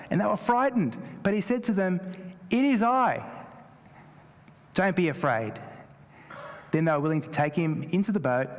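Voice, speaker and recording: A man's voice: fairly high pitch, in a large hall. A man whose first language is Greek, preaching a sermon as a pastor and lifting his voice on quoted scripture. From Greece. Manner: animated preaching, rising emphasis on quoted scripture.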